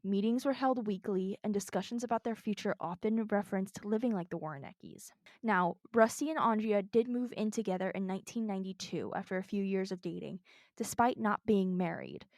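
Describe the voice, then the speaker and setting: A woman's voice: medium pitch, a little fast, darkish tone, dry recording, studio quality. A woman co-hosting a podcast, earnestly telling a true crime story in casual chat from her notes.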